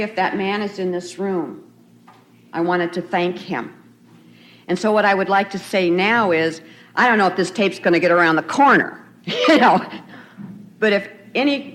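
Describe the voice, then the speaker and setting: On a faint, noisy 1990s tape, a middle-aged woman shares her recovery story at a retreat. She tells it loosely and conversationally, laughing often, in a medium-pitched, fairly bright voice.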